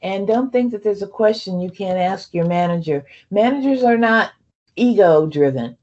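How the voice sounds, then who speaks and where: A woman's voice: medium pitch, animated, moderate pace, a little mellow, highs cut off. A woman leading an onboarding presentation for a tech training program, talking conversationally with many fillers and restarts. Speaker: program leader addressing trainees.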